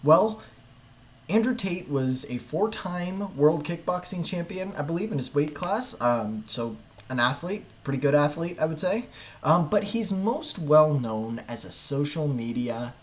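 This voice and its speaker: A man giving casual online commentary in a relaxed, offhand way, with some fillers. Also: fairly high pitch, unhurried.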